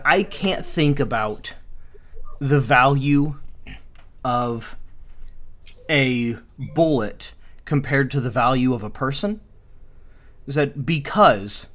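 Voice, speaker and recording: A young adult man in casual chat, retelling a book scene with many ums and uhs and quick acted-out lines. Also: medium pitch. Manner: rambling retelling with many fillers, acting out dialogue.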